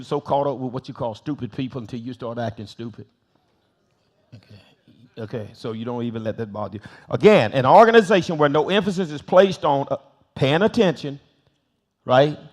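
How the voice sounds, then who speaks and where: An older man, a bishop and pastor, teaching a Bible study in sermon style, telling stories, acting out quoted voices and repeating phrases for emphasis. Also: a little high. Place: church sanctuary.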